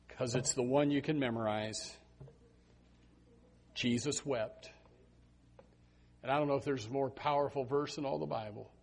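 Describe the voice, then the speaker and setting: A male pastor delivering an emphatic sermon in a slightly higher, husky voice. His pitch moves widely and expressively from phrase to phrase. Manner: impassioned, emphatic preaching.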